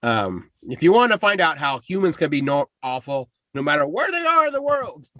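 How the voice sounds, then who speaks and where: A man's voice: a little high, big pitch swings, moderate pace, pushed and bright, no echo. A man hosting a casual pop-culture podcast, talking loosely and with swearing, often restarting his sentences. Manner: loose, profane, rambling with restarts. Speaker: podcast host. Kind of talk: casual chat.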